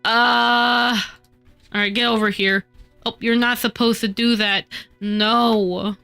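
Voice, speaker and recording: A woman streaming while she models in 3D, scolding her software in exasperated outbursts, her nose stuffy from a cold. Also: on the high side, level tone, slow, vocal fry, soft background music. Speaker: VTuber streamer. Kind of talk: casual live-stream chatter while 3D modeling.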